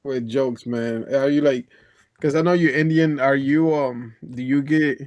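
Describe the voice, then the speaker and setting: On a video call with his coach, a man with a mid-range, darkish voice speaks a little slowly and with fairly even intonation. He's from the Dominican Republic and spins loose stories, laughing often, swearing, and saying "bro" constantly in this casual chat.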